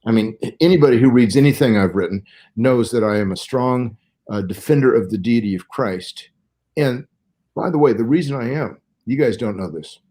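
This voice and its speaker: A man's voice: medium pitch, normal speed, mellow. Man in his sixties, lecturing scholar. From Southern California. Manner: careful, lecturing, explains step by step. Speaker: guest Bible scholar. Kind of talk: interview explanation.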